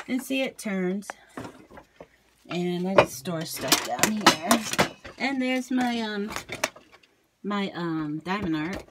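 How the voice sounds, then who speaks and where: A woman's voice: medium pitch, heavy background noise. A middle-aged woman with a slight Southern accent, chatting casually with many ums as she shows her kitchen on a handheld camera. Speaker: vlogger. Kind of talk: casual home tour chat. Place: home kitchen. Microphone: handheld camera moved around while talking.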